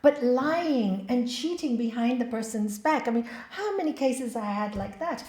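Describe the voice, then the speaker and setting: Woman, yoga teacher, spiritual talk, animated storyteller, fairly high voice, echoey hall. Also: measured pace. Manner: animated storyteller acting out quoted voices, emphatic. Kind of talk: spiritual talk with told stories.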